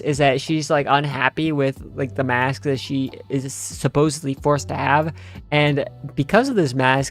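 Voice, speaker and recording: A tired young man streaming his reaction to a game story, rambling sarcastically in slang with plenty of fillers. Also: a little high. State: tired, half asleep. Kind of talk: casual rambling commentary.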